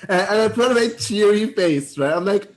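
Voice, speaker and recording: A man from India, playful and animated, playing a tabletop game. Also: high voice. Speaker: player.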